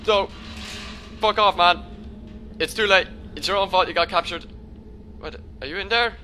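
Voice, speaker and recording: Bright-voiced young man gaming. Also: sits high, moderate pace, soft background music. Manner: jokey, swears a lot, loud startled reactions. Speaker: let's play host. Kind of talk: casual gameplay commentary.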